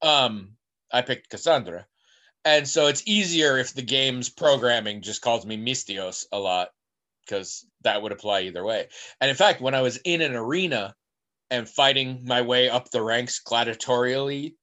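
A podcast co-host chats casually, telling stories that keep wandering off into digressions. He speaks at a moderate pace with a medium-pitched, sharp-toned voice.

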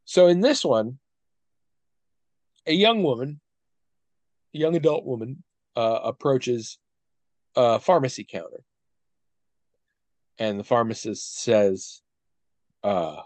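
A man's voice: medium pitch, lively intonation, slow pace, pauses often, a little mellow, no echo. A man in casual podcast chat, retelling something at length with asides and frequent restarts. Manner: conversational, restarts often, retells story with asides.

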